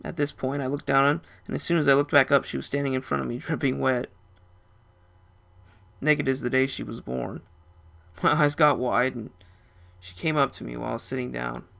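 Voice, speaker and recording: A man's voice: mid-range voice, fairly even intonation, moderate pace, gravelly, pauses often, sharp tone. A young man narrating a first-person story in a casual, rambling way.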